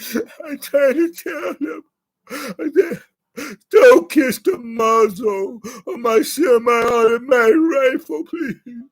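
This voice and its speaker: A man doing a high husky rambling whiner. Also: full character voice. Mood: tearful pleading. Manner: stammering repetitions and drawn-out pleading. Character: rambling, tearful, self-pitying young man. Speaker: vlogger. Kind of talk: satirical impression monologue.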